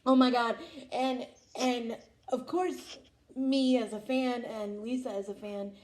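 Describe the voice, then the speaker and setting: A young woman chats casually about a show she loves as host of her own vlog. She is emotional and gushing, full of exclamations, and her voice sits a little high with a mellow, warm tone. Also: fairly even intonation, slow. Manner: gushing, emotional, lots of "oh my God". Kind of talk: casual fan reaction chat.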